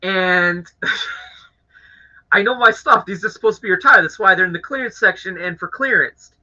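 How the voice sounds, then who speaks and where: High bright-voiced man ranting. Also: moderate pace. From Canada. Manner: animated, swearing, acts out angry voices. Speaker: live stream host. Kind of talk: casual storytelling to chat. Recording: dull lo-fi audio.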